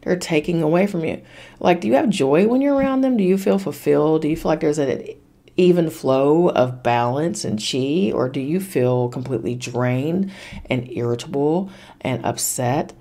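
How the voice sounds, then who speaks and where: A woman with a low, mellow voice hosts a casual spiritual self-help podcast. She talks bluntly and emphatically, swears without hesitation and drives her advice home by repeating it. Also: expressive, normal speed. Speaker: podcast host.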